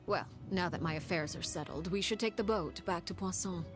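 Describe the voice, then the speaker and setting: An actress playing a cold, calculating woman leader in a game, speaking in a calm, measured, commanding way. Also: lowish voice, close to an everyday voice. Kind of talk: game voice acting. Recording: game audio with music.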